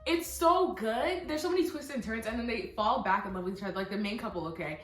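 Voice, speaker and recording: A young woman vlogger reviewing books in casual, excited chat, full of fillers and quoted asides. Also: a little high, quick pace. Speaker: book vlogger. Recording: echoey room, faint music.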